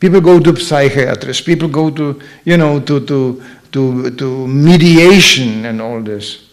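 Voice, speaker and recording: A man's voice: mid-range voice, measured pace. A man with a Slovenian accent giving an informal spiritual talk, telling stories and acting out the voices of the people in them. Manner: storytelling, acts out quoted voices. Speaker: speaker at a temple program.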